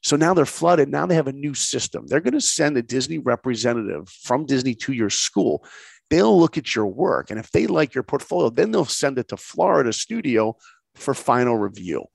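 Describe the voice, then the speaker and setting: A middle-aged man tells his story with wide swings in pitch and a gravelly edge. He slips into the voices of the people he quotes and laughs as he goes. The recording is dry and close. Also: moderate pace, no room sound. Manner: lively, acts out quoted voices, laughs often. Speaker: guest storyteller. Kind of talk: animated storytelling in conversation.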